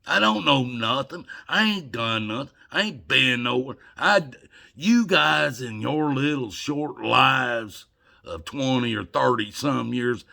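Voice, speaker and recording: An older man video blogger with a gravelly, mid-range voice delivers an emotional, scolding monologue to camera. He swings between loud outbursts and hushed murmurs.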